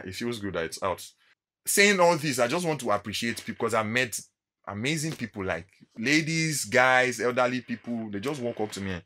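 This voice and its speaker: A man with a Nigerian accent, vlogging in a casual monologue and acting out encounters as he tells them. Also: mid-range voice. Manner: animated storytelling, acting out encounters.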